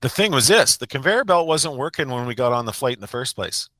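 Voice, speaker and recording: A man's voice: medium pitch, expressive, fast talker, sharp tone, no echo. A man who coaches a sports team, telling a rambling, self-mocking story in a casual podcast chat.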